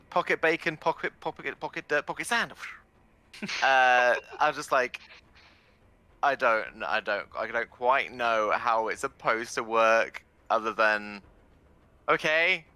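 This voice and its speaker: A man chatting casually at a tabletop game, his voice very bright and smooth, with a lively swing in pitch. He rambles and hesitates, and laughs often. The sound is close and dry. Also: takes it slowly, no echo. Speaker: player.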